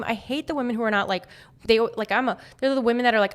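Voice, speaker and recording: Woman, podcast co-host, higher pitch, chatty, sarcastic. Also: expressive, fast talker. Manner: chatty, sarcastic, acts out quotes. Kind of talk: casual chat.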